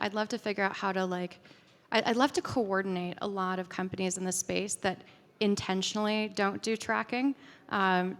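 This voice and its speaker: A woman speaker at a conference, answering audience questions in a casual, chatty way with lots of fillers. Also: mid-range voice. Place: conference hall. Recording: reverberant conference hall.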